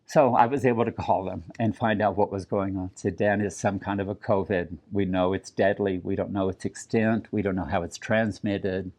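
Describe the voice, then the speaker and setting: A man's voice: low voice, steady tone, darkish tone. Earnest older man telling a family story. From New Mexico. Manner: earnest, reflective, with pauses and restarts. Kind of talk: personal storytelling talk. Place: community event.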